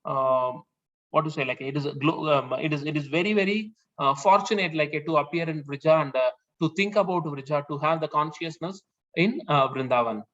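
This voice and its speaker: Man, high voice, scripture class, halting explanation, lots of fillers, dull lo-fi sound. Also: a bit bright. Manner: halting, many fillers and restarts. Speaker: class leader.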